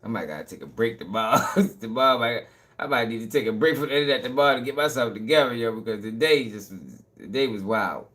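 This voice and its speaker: A man's voice: medium pitch, quick pace, a bit bright. A young man hosting his own live stream, ranting in a heated casual way, cursing, repeating himself and laughing between points. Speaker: channel host.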